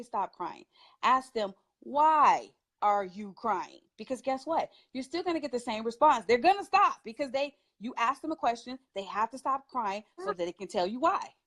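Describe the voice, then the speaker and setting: A woman who is a parent, a guest on a talk show, giving advice in an emphatic way and laughing often. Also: on the high side. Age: adult parent. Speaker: guest speaker.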